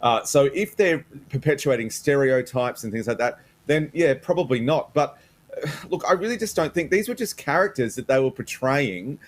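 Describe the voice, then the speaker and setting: A man's voice: medium pitch, lively intonation, moderate pace. A man co-hosting a panel talk show, speaking hesitantly, stammering and sighing as he searches for words. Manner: hesitant, stammering, restarts often with sighs. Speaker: co-host. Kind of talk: opinionated panel discussion.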